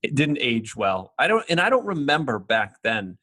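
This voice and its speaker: A man's voice: mid-range voice, sing-song, normal speed, sharp tone, no room sound. A man co-hosting a podcast, talking casually in a rambling way and laughing often. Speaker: podcast co-host. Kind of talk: casual chat.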